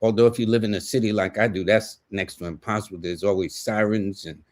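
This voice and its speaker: A man's voice: fairly low pitch, fairly even intonation, fairly quick, darkish tone. A man with a New York accent giving live numerology readings in a folksy, conversational way, speaking to viewers by name. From United States. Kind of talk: casual livestream reading.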